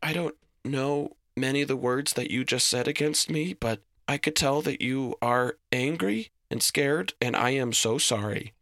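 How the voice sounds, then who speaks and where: A man's voice: mid-range voice, measured pace, few pauses, fairly bright tone, no room sound, clean studio sound, pitched above the performer's own voice. A man voicing a timid, polite, friendly male goblin who talks nervously and apologetically.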